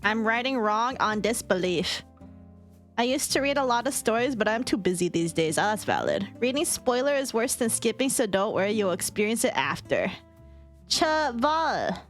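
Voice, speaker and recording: A woman's voice: a little high, very animated, moderate pace, soft background music. A woman streamer chatting casually with her viewers, giggling often and swearing freely. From United States. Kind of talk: casual live-stream chat.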